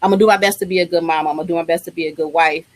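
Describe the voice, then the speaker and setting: A woman's voice: lowish voice, steady tone, rapid-fire, rough recording. A woman co-hosting a live web chat show, talking in a casual, slangy way with lots of fillers.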